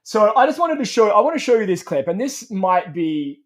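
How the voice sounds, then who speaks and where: A man's voice: sits high, big pitch swings, fairly quick. A man hosting a tech podcast, chatting casually and agreeing often. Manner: agreeable, lots of "yeah". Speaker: podcast host.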